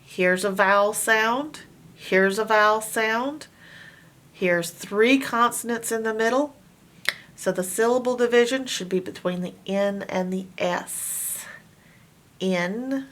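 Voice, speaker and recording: A woman teaching a phonics lesson, slowly sounding out words and letters, with patient praise. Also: a little high, fairly bright tone.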